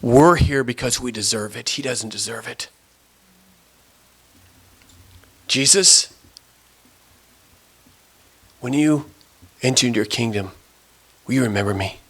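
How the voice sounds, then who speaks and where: A man voicing a repentant thief on a cross, sneering at first and later pleading, in halting, repeated phrases. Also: medium pitch, fairly bright tone, breathy edge.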